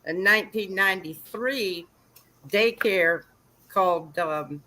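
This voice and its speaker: Older man, bright forceful voice, laid-back father telling a story. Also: sits high, slow pace, rough recording. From Georgia. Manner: laid-back storyteller who laughs at his own tale. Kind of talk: casual storytelling chat.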